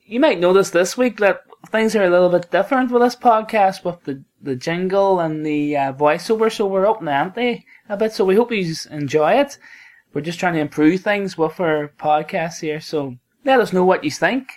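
A man's voice: high voice, moderate pace. A man co-hosting a language podcast in a casual, chatty way with short acknowledgements. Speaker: podcast co-host.

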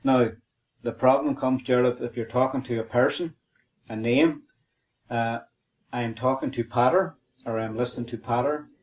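A man's voice: mid-range voice, fairly even intonation, moderate pace, a little mellow. A man with a Northern Irish accent co-hosting a podcast, teaching a language lesson methodically and spelling and repeating words.

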